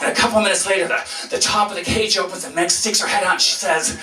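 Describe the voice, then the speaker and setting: Bright, animated male storyteller. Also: high-pitched, very fast, echoey room, faint music behind. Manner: animated, self-mocking, acts out voices and sounds. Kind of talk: live personal storytelling.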